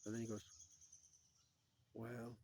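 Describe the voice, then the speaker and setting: Speaking slowly in a warm, husky mid-range voice, a man delivers a casual, rambling monologue about old cartoon scenes. His delivery is completely flat even as he performs the characters' lines and laughs at his own jokes, on a dry recording.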